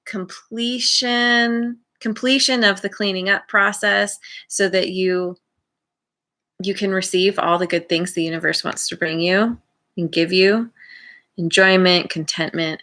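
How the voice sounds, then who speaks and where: A woman giving a tarot reading for her channel, musing aloud in a slow, rambling way with many restarts. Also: lowish voice, pushed and bright. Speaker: tarot reader.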